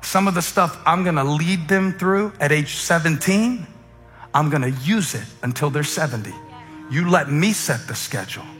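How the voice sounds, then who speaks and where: A preacher voicing a calm, practical Lord. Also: male voice, a little high, moderate pace. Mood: reassuring. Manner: plain, matter-of-fact commands. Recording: echoey hall with faint music.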